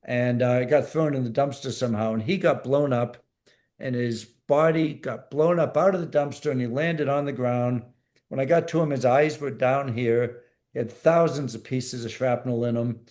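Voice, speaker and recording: Male guest, ex-military medic, warm mellow tone, plain-spoken storyteller who repeats himself. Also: mid-range voice, moderate pace. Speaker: podcast guest, former Navy SEAL medic. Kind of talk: storytelling interview.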